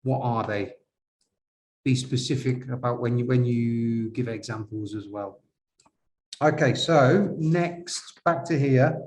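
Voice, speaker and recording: Male IELTS examiner, unhurried, hesitant delivery, teacherly questions to the class. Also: medium pitch, darkish tone. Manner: slow, hesitant, questions to viewers. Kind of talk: classroom-style essay correction.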